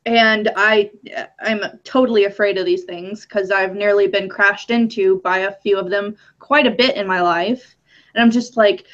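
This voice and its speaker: A woman chatting casually as a guest, rambling and halting, with lots of fillers. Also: medium pitch, fairly even intonation, fairly bright tone. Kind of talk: casual chat. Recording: dull lo-fi audio.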